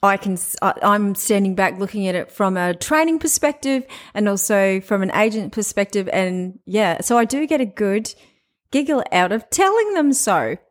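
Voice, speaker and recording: A woman's voice: mid-range voice, expressive, moderate pace. A middle-aged woman hosting a podcast, giving frank, chatty sales advice and laughing now and then. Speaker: podcast host and sales trainer. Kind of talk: casual podcast monologue.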